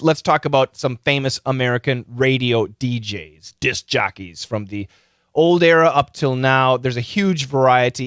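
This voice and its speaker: Lively man hosting an advice podcast. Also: gravelly, no echo, clean studio sound. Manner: animated, explanatory, pitch leaping on key words. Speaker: podcast host. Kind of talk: casual advice talk.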